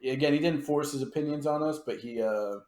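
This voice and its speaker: A man co-hosting a podcast, telling a personal story in a halting way full of fillers and restarts. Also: fairly high pitch, darkish tone. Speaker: podcast co-host. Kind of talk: casual storytelling chat.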